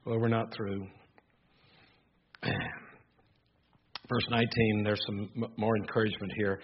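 An older man preaches, voice somewhat low-pitched and husky. He reads scripture, sinks into near-whispered asides, then rises into emphatic calls. The recording is muffled and lo-fi. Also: flat delivery, takes it slowly. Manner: reads scripture aloud, alternates hushed musing with rising emphatic preaching. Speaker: pastor. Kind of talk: sermon.

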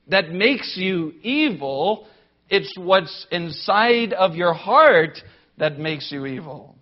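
A man preaching a sermon in an emphatic, deliberate way, building points through rhetorical lists. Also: high voice, highs cut off. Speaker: pastor.

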